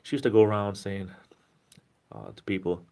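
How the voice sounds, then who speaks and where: A man's voice: on the low side, moderate pace, creaky. A man in his forties with a southeastern New England accent, rambling casually on a live stream, reading viewer chat aloud and answering it. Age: 40s. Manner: speeds up when excited.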